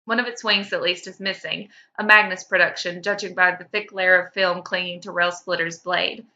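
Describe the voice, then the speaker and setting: Bright-voiced woman reading a story aloud. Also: on the low side, normal speed, dull audio. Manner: lively, breaks into laughter. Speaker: podcast host. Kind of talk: reading fan fiction aloud.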